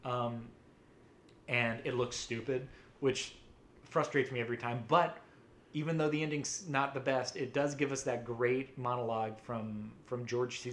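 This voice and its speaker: A man's voice: medium pitch, moderate pace, fairly bright tone, slight background noise. Enthusiastic, profane man in casual chat. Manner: enthusiastic, profane, rambling with restarts. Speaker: podcast co-host.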